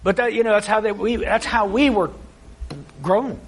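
A middle-aged man with a notably high voice holds forth on a Christian talk show, emphatic and preachy. He presses his points with conviction. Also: steady tone, moderate pace. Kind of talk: faith-based conversation.

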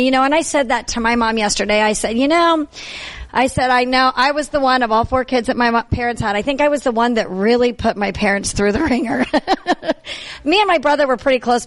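Earnest middle-aged woman encouraging mothers. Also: on the high side. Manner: earnest, repeats phrases for emphasis, laughs easily. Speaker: Christian talk show co-host. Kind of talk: encouraging faith-based talk.

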